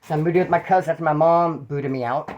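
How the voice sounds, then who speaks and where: Brief: male storyteller, quick delivery, slangy and swearing, loose and rambling. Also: on the high side, steady tone, lo-fi sound, slight background noise. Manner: rambling, profane, streetwise slang. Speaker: channel host telling prison stories. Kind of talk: casual first-person storytelling.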